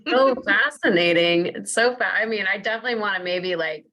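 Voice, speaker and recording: A woman's voice: medium pitch, a little fast, sharp tone, low-quality recording. A woman hosting an online group call, responding with murmured agreement and casual, affirming comments.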